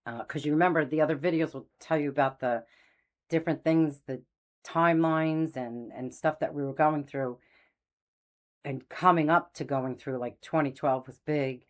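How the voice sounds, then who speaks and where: A woman's voice: deep voice, moderate pace. A middle-aged woman hosting a faith channel, telling her story in a casual, meandering way and losing her train of thought. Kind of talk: casual spoken testimony.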